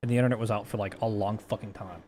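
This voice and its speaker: A man's voice: on the low side, fairly even intonation, very fast, warm tone, a little hiss or hum. A man streaming casually while he codes, rambling and swearing, often restarting his sentences. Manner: rambling, profane, frequent restarts. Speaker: livestreamer. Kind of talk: casual livestream chat while coding.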